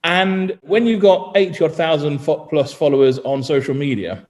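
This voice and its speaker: Animated man, long reverb. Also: a little high, moderate pace. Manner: animated storytelling, mimics other people. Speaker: journalist and co-host. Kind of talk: casual podcast chat.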